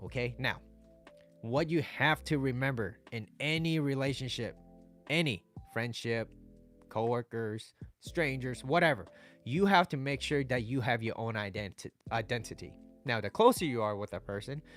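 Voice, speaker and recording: A man giving casual dating advice to his viewers, blunt and swearing, reading their chat comments aloud. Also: mid-range voice.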